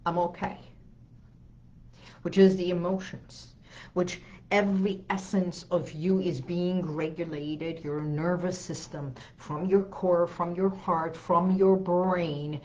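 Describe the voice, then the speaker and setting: A woman hypnotherapist hosting a talk, slowly guiding listeners through calming phrases and breathing, often repeating soothing lines. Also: fairly low pitch, muffled recording. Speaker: hypnotherapist host.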